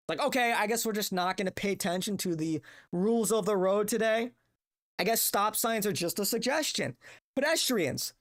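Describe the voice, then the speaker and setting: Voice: mid-range voice, expressive, moderate pace. A young adult streamer ranting casually, profane, exasperated and rambling. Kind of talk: casual livestream rant.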